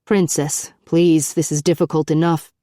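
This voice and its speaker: A woman voicing a grave, ashamed middle-aged ship captain who speaks softly and apologetically. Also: sits low, level tone, a little slow, no echo, clean studio sound. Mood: somber, hushed. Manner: soft, hushed, apologetic.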